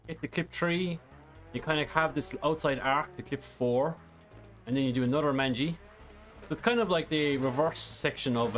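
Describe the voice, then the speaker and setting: A man's voice: medium pitch, a bit bright. A man streaming a driving game, reading chat questions and explaining a track in a casual, rambling way. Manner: casual, rambling, many fillers. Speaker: sim racing streamer.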